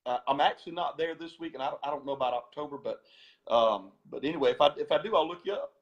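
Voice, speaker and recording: A man's voice: a little high, quick pace, lo-fi sound. A man, a former gospel singer, tells stories as a guest in an interview, laughing often and repeating words as he goes. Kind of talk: storytelling interview.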